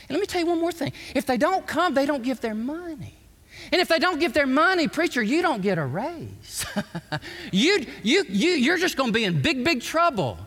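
A male pastor preaching a sermon, with animated shouts and quick drops to asides. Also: high voice, big-room sound.

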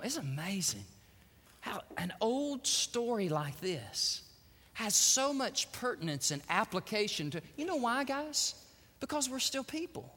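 A middle-aged man preaching a sermon, animated, acting out the voices he quotes and laughing often. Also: high voice, moderate pace, long reverb tail. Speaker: pastor.

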